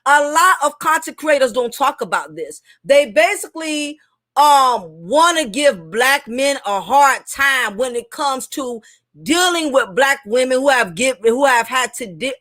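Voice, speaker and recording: Woman, high voice, bright tone, emphatic opinionated commentary, slightly thick speech. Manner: emphatic, opinionated, repeats herself; speech slightly thick from recent dental work. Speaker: commentary host. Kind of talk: casual commentary monologue.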